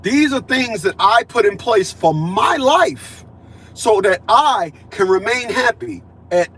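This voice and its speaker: A man's voice: sits high, expressive, takes it slowly, fairly bright tone, slightly rough. A man in his fifties talking in a casual monologue, emphatic and repetitive, acting out conversations he had. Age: 50s. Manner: emphatic, repeats himself, acts out conversations. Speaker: vlogger.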